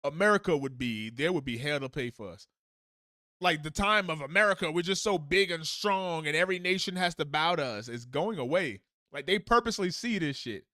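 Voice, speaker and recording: A man's voice: fairly high pitch, brisk, no echo, clean studio sound. A man hosting a live stream, reacting to the news in a heated, profane, rambling way. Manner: profane, animated, rambling with restarts. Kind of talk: casual heated reaction commentary.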